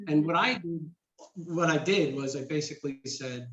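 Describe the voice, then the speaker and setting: A man telling a heartfelt story about his partner as a guest on a talk show, earnest and choked up, with halting restarts. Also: a little high, a bit bright. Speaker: podcast guest. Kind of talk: emotional personal story. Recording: echoey, dull lo-fi sound.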